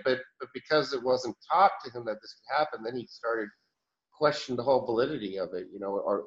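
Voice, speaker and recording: A man's voice: medium pitch, lively intonation, brisk. Man rambling in a dull lo-fi recording. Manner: rambling, with restarts and chuckles. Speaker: channeled higher self answering questions. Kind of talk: channeling session Q&A.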